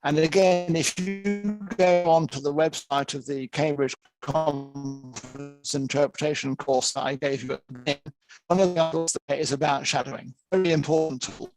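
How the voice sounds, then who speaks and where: A man with an English accent giving an online lecture over a video call, in a steady, explanatory way. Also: on the high side, moderate pace, over music, low-quality recording.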